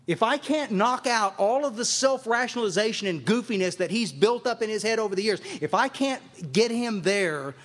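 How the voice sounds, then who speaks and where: A man addresses a live meeting, his voice sitting fairly high for a man. He talks with emphatic force and circles back on his phrases to drive them home. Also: fairly bright tone. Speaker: recovery group speaker and sponsor. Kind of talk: speaking to a live meeting audience. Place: meeting room with a live audience.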